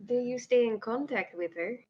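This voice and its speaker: A woman's voice: fairly high pitch, normal speed. Hesitant woman on a dull mic. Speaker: player. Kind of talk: speaking in character in a tabletop game.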